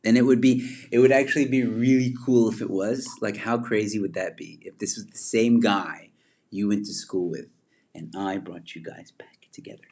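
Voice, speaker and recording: A man's voice: lowish voice, steady tone, normal speed, a little mellow. A man hosting a casual livestream, greeting viewers by name and rambling with many fillers and restarts. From Zimbabwe. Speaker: livestream host. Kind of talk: casual livestream chat reading viewer comments.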